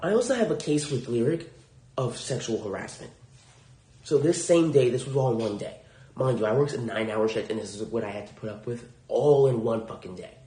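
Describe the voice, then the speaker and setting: A man's voice: medium pitch, expressive, fairly quick, warm tone. A young adult man hosting a solo podcast, telling a work story bluntly and indignantly, with frequent swearing. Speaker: podcast host. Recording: roomy echo.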